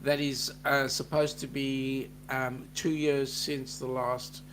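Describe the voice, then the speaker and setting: A man's voice: medium pitch, flat delivery, slow pace, a bit bright, slight background noise. A man with an Australian accent co-hosting a casual livestream chat, reading out viewer comments with a joking, teasing manner.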